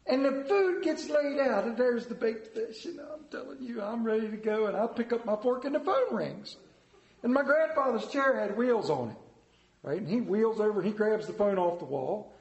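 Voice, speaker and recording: High-pitched guy preacher telling a homey story, big echoey church sound. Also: normal speed, vocal fry, muffled recording. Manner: folksy, animated storyteller. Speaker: pastor. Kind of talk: storytelling sermon.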